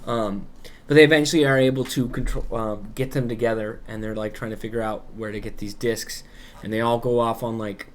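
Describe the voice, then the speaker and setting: A man's voice: fairly low pitch, slight background noise. A man co-hosting a podcast, loosely retelling a story in casual chat, swearing freely and acting out quotes. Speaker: podcast co-host.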